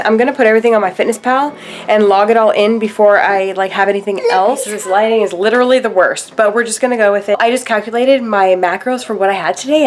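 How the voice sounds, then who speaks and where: A woman's voice: mid-range voice, a little mellow. A woman vlogger chatting casually while she cooks and eats in her home kitchen, describing each step. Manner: chatty, self-narrating while cooking and eating. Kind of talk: casual cooking vlog chat.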